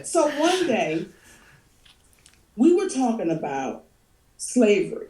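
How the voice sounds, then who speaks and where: A middle-aged woman telling stories as a guest in a casual chat, animated, laughing often and cursing freely. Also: mid-range voice, slow pace, distant mic. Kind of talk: storytelling chat. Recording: echoey room.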